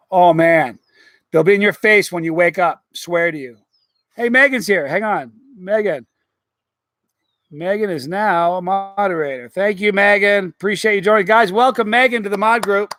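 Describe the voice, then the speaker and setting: A middle-aged man hosting a casual live stream, rambling through stories and chatting with viewers in an animated way. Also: high voice, moderate pace, slight background noise.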